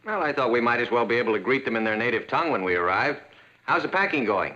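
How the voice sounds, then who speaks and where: A man's voice: medium pitch, expressive, fast talker, pushed and bright. An actor playing a genial, reassuring middle-aged father in a 1960s sitcom. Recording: lo-fi TV audio.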